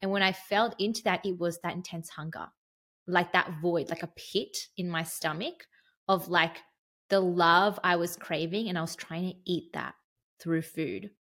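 A young woman with a lowish voice chats candidly as a podcast co-host. She talks freely and openly, and drifts off on tangents. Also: steady tone, unhurried, a bit bright. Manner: chatty, candid, tangent-prone. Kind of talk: casual chat.

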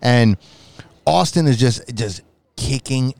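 A man co-hosting a podcast, telling a wrestling match play by play in a profane, excitable way. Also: mid-range voice, slow pace, vocal fry, no echo. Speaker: podcast co-host. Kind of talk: casual wrestling recap chat.

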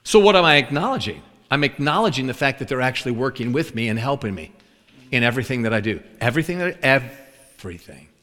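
A man's voice: medium pitch, lively intonation, fast talker, fairly bright tone. A man preaching a sermon in a folksy, joking storytelling manner. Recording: long hall reverb.

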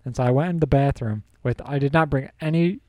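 A man's voice: mid-range voice, fast, dry recording, dull audio. A young man hosting a podcast, telling a college story casually and laughing through it. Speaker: podcast host.

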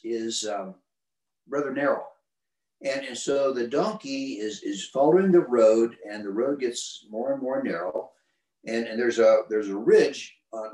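A man's voice: mid-range voice, darkish tone. A man preaching a sermon, retelling a story in plain, folksy words with frequent restarts, in a church. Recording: roomy hall, distant mic.

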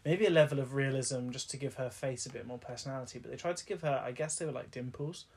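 A man's voice: medium pitch, quick pace, gravelly, a little mellow, slight background noise. A man, chatting casually as a podcast co-host, wandering off on tangents and laughing often. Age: 20s. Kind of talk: casual film review chat.

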